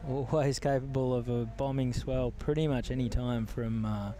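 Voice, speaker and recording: A man's voice: mid-range voice, fairly even intonation, normal speed, mellow, a little hiss or hum. A man co-commentating live surfing in a chatty, playful way. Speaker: surf commentator.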